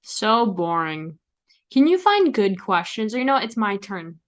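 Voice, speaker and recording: A woman's voice: mid-range voice, sing-song, unhurried. A young woman hosting a podcast, chatting casually over a call and teasingly brushing off her guest's questions. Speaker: podcast host. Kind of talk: casual chat.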